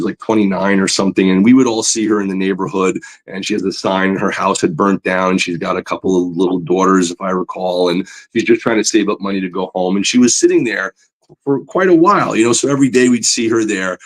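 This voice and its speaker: A low-voiced man talking fairly quickly appears as a comic book artist guest on a casual podcast, captured in a low-quality recording. Telling stories with animation and plenty of "you know" fillers, he lets his voice climb as excitement builds.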